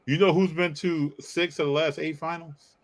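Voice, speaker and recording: Animated man reading live chat. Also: moderate pace, low-quality recording. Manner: animated, teasing, pitch jumps up when joking. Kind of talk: casual live-stream sports chat.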